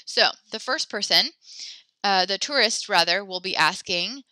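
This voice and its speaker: A woman's voice: medium pitch, moderate pace, bright, forceful tone, no echo. A woman teaching a French class online, chatty and encouraging, with many fillers as she explains tasks. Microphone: computer mic in a video class.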